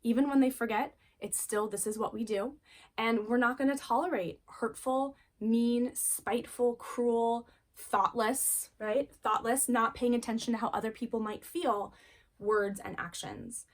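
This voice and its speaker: A mother leads a parenting lesson in a slightly high voice. She speaks earnestly and encouragingly, like someone chatting with other parents. She keeps coming back to short key phrases. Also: a little slow. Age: adult parent. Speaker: parenting course teacher. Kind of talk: casual spoken lesson.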